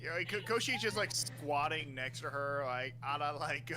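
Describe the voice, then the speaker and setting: A tabletop player describing their character's actions, playful and quick to laugh. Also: mid-range voice, animated, noisy background. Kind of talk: casual tabletop play.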